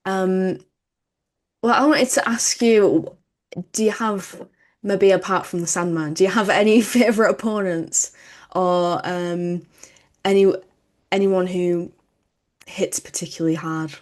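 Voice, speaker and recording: A woman's voice: mid-range voice, steady tone, unhurried, pauses often, darkish tone. A woman hosting a podcast, encouraging her guest with short replies and casual questions. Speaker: podcast host. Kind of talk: casual interview chat.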